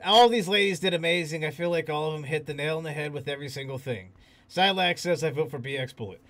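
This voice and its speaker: A man's voice: on the high side, fast talker, fairly bright tone. A man hosting a livestream, chatting casually, reading the chat aloud and laughing often. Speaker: host.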